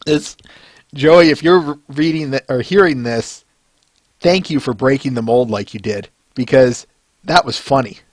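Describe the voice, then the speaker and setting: A man's voice: mid-range voice, a little slow, no echo. A male podcast host rambling casually through a fan-art review, with lots of fillers and chuckles.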